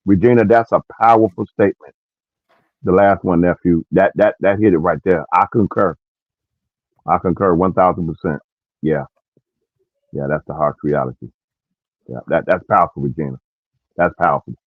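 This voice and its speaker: A man hosting a casual opinion livestream, making slow, preachy, emphatic points. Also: sits low, breathy edge, no room sound, phone-quality sound. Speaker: livestream host.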